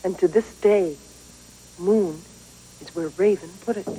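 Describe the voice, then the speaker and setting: A woman reading a storybook aloud, with slow, expressive storytelling. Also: medium pitch, slightly rough, low-quality recording. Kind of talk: read-aloud storybook narration.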